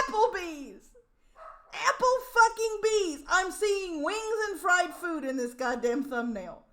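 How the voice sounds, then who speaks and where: Brief: woman streamer, high voice, exasperated and sweary, casual reaction rant. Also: expressive, slow, a bit bright. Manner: profane, mocking, exasperated.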